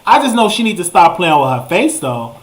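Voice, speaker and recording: A man, hosting a live call-in show in a chatty, animated way, repeating words for emphasis. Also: high-pitched. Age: 30s. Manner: animated, drawn-out exclamations and repetitions. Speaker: host. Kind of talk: casual live show monologue.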